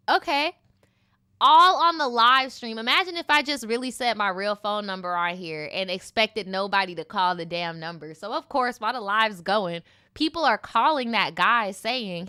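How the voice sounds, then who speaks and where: A young woman rambles through a casual eating-show chat, slangy and animated. Her voice is bright and smooth, and the sound is close and dry. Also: medium pitch, normal speed, no room sound. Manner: animated storytelling, slangy, laughing asides. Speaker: mukbang vlogger.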